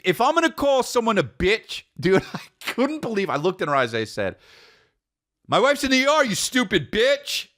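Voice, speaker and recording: Animated man telling a comedic story. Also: mid-range voice, no room sound, studio quality. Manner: animated, profane, self-mocking. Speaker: podcast co-host.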